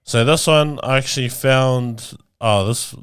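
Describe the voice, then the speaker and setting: A man's voice: medium pitch, measured pace, fairly bright tone, clear, resonant tone. A man with a New Zealand accent co-hosting a comedic podcast, brash and laddish, tossing "mate" into nearly every phrase. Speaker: podcast co-host.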